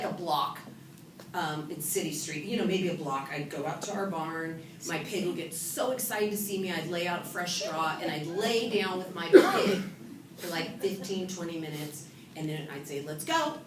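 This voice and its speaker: A woman from California gives a humorous motivational talk to an audience, telling stories about herself with a lively, self-mocking manner. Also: fairly low pitch. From California, USA. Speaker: author and event speaker. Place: event hall with an audience. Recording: echoey room from a distant mic with noise.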